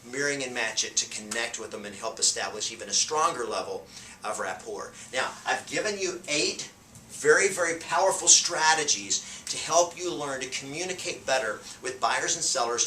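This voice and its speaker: Energetic man coaching with emphatic repetition. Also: medium pitch, slight background noise. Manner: energetic and emphatic, drives points home with repetition; shifts loudness and pace to show a point. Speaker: real estate sales coach. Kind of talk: motivational teaching talk. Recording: roomy sound from a distance off the mic.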